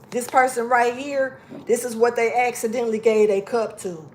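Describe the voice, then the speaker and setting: Woman tarot reader, blunt, cussing, emphatic, fairly high voice, faint background hiss. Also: fairly even intonation, moderate pace. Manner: blunt, profane, emphatic, drops to mutters. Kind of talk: casual tarot reading vlog.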